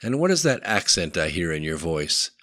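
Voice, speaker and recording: A man voicing a weary former Soviet man in a storybook, speaking calmly and flatly. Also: deep voice, no room sound. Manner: calm, flat, measured.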